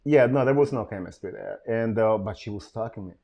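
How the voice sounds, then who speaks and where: A man, a comedian guest, telling a story in casual chat, animated and profane, acting out quoted lines. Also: on the low side, fairly quick, gravelly.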